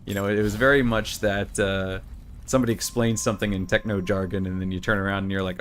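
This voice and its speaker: A man's voice: lowish voice, fairly even intonation, normal speed, long pauses, a bit bright, slight background noise. A middle-aged man hosting a gaming channel, chatting casually and rambling through stories with quoted voices while he plays. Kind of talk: casual chat while playing.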